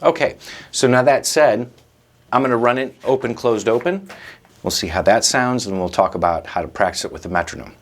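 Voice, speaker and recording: A man's voice: mid-range voice, fairly quick, a little hiss or hum. A man hosting a drum lesson, patiently explaining rudiments and counting stickings aloud. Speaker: drum teacher and show host. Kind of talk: instructional talk to camera.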